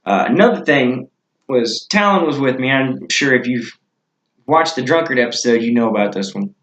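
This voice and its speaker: A man's voice: mid-range voice, lively intonation, normal speed, a bit bright, echoey room, rough recording. A man telling stories in a casual, rambling way with many fillers. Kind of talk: casual storytelling.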